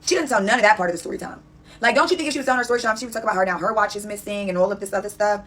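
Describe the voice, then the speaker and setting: A woman casually telling a story in an animated way, acting out quotes with "da, da, da" fillers. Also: medium pitch, very fast. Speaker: storyteller recounting a dispute.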